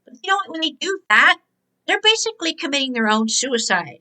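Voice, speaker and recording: A woman's voice: sits high, big pitch swings, fairly quick, sharp tone, low-quality recording. A woman hosting a spiritual motivational talk, emphatic and exhorting, repeating her key words. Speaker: host and motivational speaker.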